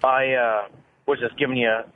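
A man's voice: mid-range voice, flat delivery. Drunk man rambling over a phone line. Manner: rambling, halting with many fillers. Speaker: caller. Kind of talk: casual phone call to a radio show. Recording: tinny phone line with hiss.

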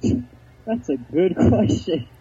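A man's voice: sits high, lively intonation, drawn-out words, mellow, breathy edge, faint music behind. A teenage boy from Arizona calling a radio show, giving short, shy answers. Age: teens. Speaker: caller. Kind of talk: phone call to a radio show. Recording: muffled phone line.

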